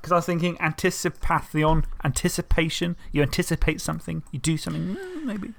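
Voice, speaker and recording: A man's voice: on the high side, expressive, a little fast, vocal fry, a little hiss or hum. A man co-hosting a casual podcast, joking and laughing as he guesses at quiz answers. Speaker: podcast co-host.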